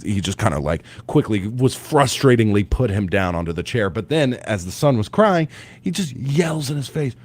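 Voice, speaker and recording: A man chats on a morning radio show, his fairly low voice rolling through stories full of restarts and asides. He sounds at ease behind the studio mic. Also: moderate pace, no echo. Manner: rambling, animated storytelling with many restarts. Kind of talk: casual radio chat.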